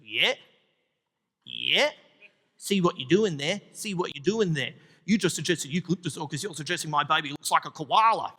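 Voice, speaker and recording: A man's voice: on the high side, lively intonation, moderate pace, bright, forceful tone, breathy edge, in a large hall, pitched below the performer's own voice, exaggerated voice. A man doing a bristling, defensive new dad. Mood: bitter accusing. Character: defensive new father, snapping angrily.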